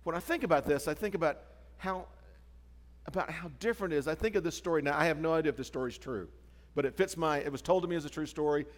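A man's voice: fairly high pitch, fast. A middle-aged man preaching a sermon as pastor, talking in a conversational way with frequent restarts and asides. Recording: long hall reverb.

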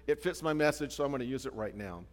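A man's voice: mid-range voice, lively intonation, fast talker. A middle-aged man preaching a sermon as pastor, talking in a conversational way with frequent restarts and asides. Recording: long hall reverb.

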